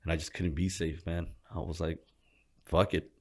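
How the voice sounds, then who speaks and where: A man, a gym co-owner, telling his story in a casual interview, swearing freely and speaking in animated slang. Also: sits low, moderate pace.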